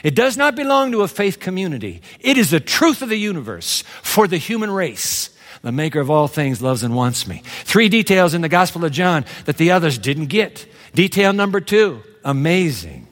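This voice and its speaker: A man preaching a sermon with dramatic swings from low murmurs to high exclamations. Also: very animated, normal speed, big-room sound.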